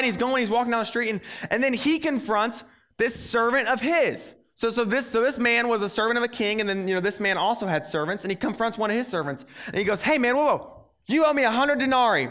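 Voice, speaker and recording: High-voiced young man preaching. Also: fast. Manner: animated, acts out the story's characters. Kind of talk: casual storytelling sermon.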